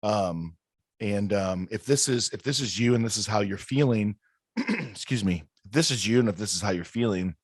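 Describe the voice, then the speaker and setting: Deep-voiced man, dry close sound. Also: lively intonation, normal speed, husky, dry recording. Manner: laid-back, says dude, laughs. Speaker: podcast co-host. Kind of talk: casual chat.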